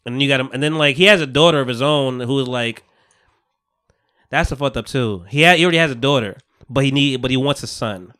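A man on his podcast talks fast at a medium pitch, recapping a TV episode in a relaxed way. He tells it animatedly, performs the characters' lines, and laughs a lot.

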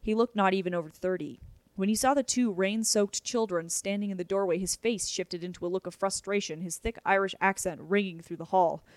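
A woman narrating a novel aloud in a steady, even storytelling manner. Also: mid-range voice, a little fast, no echo. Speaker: audiobook narrator.

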